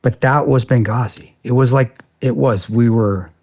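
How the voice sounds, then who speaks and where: A man in his forties, a podcast guest, telling a story in a casual interview in a blunt, profane, animated way with lots of quoted dialogue. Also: medium pitch, normal speed. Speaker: podcast guest, former security contractor.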